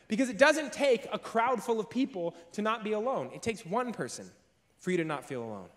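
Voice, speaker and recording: A young man giving a motivational speech in a large room, telling a story in a lively, casual way, often saying "like" and acting out what he once said. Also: sits high, fairly quick. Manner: animated storyteller, heavy use of "like", acts out his own past lines. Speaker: keynote speaker.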